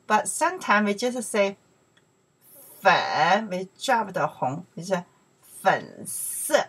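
A woman teaching beginner Chinese, saying each word slowly and asking the listener to repeat it, with soft-spoken English asides. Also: mid-range voice, breathy edge. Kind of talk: slow beginner language lesson.

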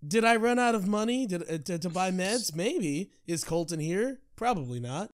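A man's voice: high-pitched, animated, moderate pace. A young man hosting a casual podcast chat, joking around and laughing often. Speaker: podcast host.

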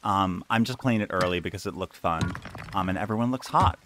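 A man's voice: sits low, a little fast, background noise. A young man live-streaming a game, chatting playfully and joking about himself. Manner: playful, self-mocking, chatty.

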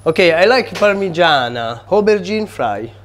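An Italian pizza chef, a man speaking English with a strong Italian accent in short, friendly phrases. His voice sits a little higher than most men's. His broken English comes out warmly hospitable. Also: very animated, normal speed. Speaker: pizza chef and restaurant owner.

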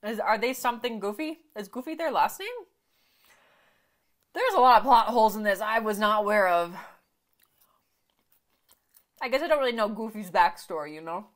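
Female reaction host, casual and talkative, expressive pitch, slips into quiet murmured asides. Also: normal speed, pauses often. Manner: chatty, thinks aloud, drops to quiet murmurs. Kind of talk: casual movie reaction commentary.

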